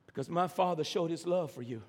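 High-voiced preacher man in a hall. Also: fairly quick. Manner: preaching with wide swings from shouting to near whisper. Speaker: pastor. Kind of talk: sermon.

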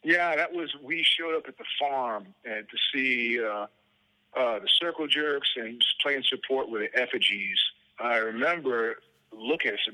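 Middle-aged male guest, very bright and hard-edged tone, rambling and profane storyteller. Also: medium pitch, moderate pace, low-quality recording. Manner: profane, rambling anecdotes, acts out quoted dialogue. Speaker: guest musician. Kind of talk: storytelling interview answers.

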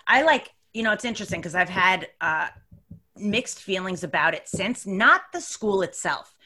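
A young woman in casual chat, animated and quick to laugh as she recalls stories. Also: mid-range voice, breathy edge.

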